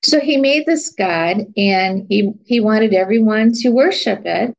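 Through a dull lo-fi recording comes a woman with a creaky mid-range voice, speaking at a moderate pace with few pauses. She's giving an informal Bible lesson, chatting, poking fun at herself and hunting through her notes as she goes.

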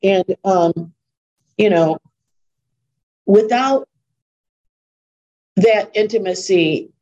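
Slow, earnest woman preacher. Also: medium pitch, mellow, highs cut off. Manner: earnest, conversational, emphatic repetition. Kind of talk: sermon.

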